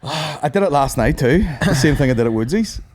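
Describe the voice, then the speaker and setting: A young hungover man with a Northern Irish accent, hosting a crude, animated podcast chat full of swearing and mimicked voices. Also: fairly high pitch, a little fast, slightly rough. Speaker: podcast host. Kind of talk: crude casual banter.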